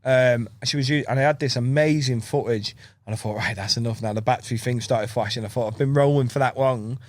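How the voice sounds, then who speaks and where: A man's voice: medium pitch, fairly quick, no echo, studio quality. A man chatting as a podcast guest, a rambling storyteller who acts out what people said and laughs often. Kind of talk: casual chat.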